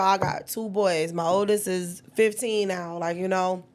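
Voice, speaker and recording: A woman's voice: fairly low pitch, steady tone, measured pace, darkish tone. A woman, talking bluntly like a mother in casual chat. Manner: responsive listener, motherly and blunt. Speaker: podcast co-host.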